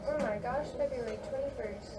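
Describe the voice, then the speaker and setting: A woman chatting casually in a classroom, full of quick asides and exclamations. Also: high-pitched. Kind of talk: casual chat. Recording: echoey classroom from far off with loud noise.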